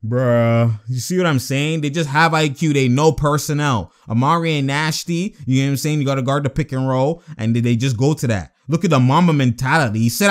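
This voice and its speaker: Excitable high-pitched man reacting with laughter. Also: normal speed. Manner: excitable, laughs often, slangy exclamations. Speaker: basketball reaction host. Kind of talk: live reaction commentary.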